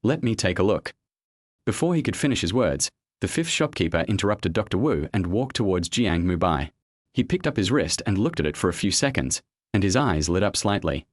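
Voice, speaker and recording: A man reading a serialized story as narrator in an even storytelling manner. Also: sits low, brisk, no echo.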